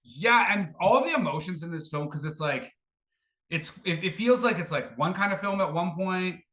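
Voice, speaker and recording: An excited man raves about a movie in loose, casual podcast chat, sprinkling fillers and swears. His voice sits fairly high and sounds bright and forceful. The room around him rings with echo. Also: moderate pace. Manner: enthusiastic, rambling, heavy on fillers and swearing. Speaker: podcast co-host.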